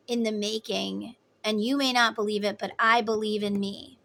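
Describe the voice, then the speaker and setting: A woman's voice: mid-range voice, fairly even intonation, moderate pace, vocal fry, hardly any pauses, sharp tone. A woman giving a casual tarot reading, talking in an emphatic, chatty way. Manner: emphatic, chatty, acts out voices in quotes. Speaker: tarot reader.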